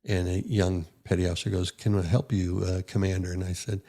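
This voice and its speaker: Low gravelly older man telling stories. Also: level tone, brisk, few pauses, dark tone. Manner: folksy storyteller who acts out quotes. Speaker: podcast guest, retired rear admiral. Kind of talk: casual storytelling.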